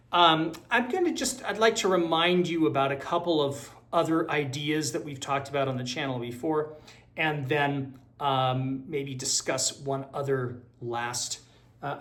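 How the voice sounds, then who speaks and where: In an online music lesson, a man whose voice sits on the high side with a fairly bright tone walks through violin technique, using plenty of fillers. He plays while counting beats and naming rhythms out loud, violin audible in the background.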